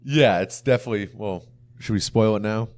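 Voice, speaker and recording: A man's voice: fairly low pitch, brisk, a little hiss or hum. A young man co-hosting a casual movie review chat, rambling with lots of fillers. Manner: rambling, filler-heavy, mimics movie lines. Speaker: podcast co-host.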